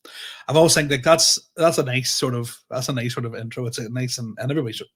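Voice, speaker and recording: A young man co-hosting a comedy podcast, laughing often and talking in a halting, casual way. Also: mid-range voice, fairly bright tone, husky.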